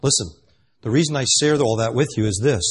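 Emphatic preacher with a husky voice. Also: male voice, mid-range voice, a little fast. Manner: emphatic, swings between loud and hushed. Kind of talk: sermon.

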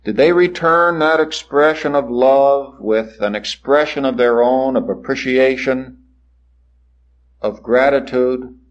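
A man preaching a sermon, swinging from soaring lines to hushed ones and acting out the voices he quotes. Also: medium pitch, slow pace, muffled recording. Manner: dramatic rises and hushed drops, acts out quoted voices.

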